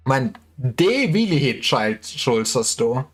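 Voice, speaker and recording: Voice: medium pitch, a little slow, faint music behind. Streamer voicing game dialogue. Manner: switches between dramatic character lines and offhand commentary. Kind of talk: livestream reading game dialogue aloud with voices.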